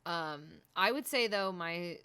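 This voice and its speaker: Chatty low-voiced woman recapping a show. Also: lively intonation, takes it slowly, sharp tone, clear, resonant tone, no room sound. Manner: rambling, full of fillers and restarts. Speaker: podcast co-host. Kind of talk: casual episode recap chat. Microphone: desk mic.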